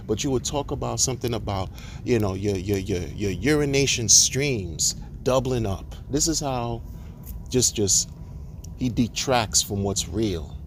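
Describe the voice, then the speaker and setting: A man's voice: lowish voice, slight background noise. A man ranting indignantly to camera, repeating himself and restarting words as he builds his case. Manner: indignant, repetitive, stammering restarts. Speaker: crypto commentator. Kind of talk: ranting monologue.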